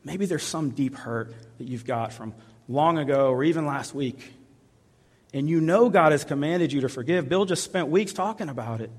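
A male pastor preaching a sermon, sinking to soft intimate tones at times. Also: a little high, lively intonation, moderate pace, slightly rough. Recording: long reverb of a large hall.

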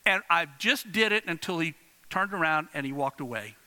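A middle-aged male pastor with a high, very bright voice delivers a sermon. He tells stories in repeated phrases, drops to a hush and then rises loud. The sound rings with the long reverb of a large hall. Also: lively intonation, moderate pace, clean tone. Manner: dramatic swings from hushed to loud.

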